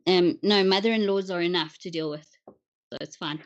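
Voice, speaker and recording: A woman's voice: fairly low pitch, highs cut off. A woman hosting a casual interview, chatty and full of ums as she moves between questions. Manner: chatty, many ums, quick question-asking. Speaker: interview host.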